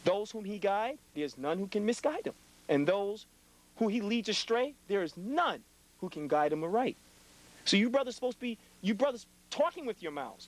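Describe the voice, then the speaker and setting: A man's voice: high-pitched, rough recording. A young adult man giving a blunt, impassioned scolding monologue to his community, lecturing hard and often tagging his lines with "man".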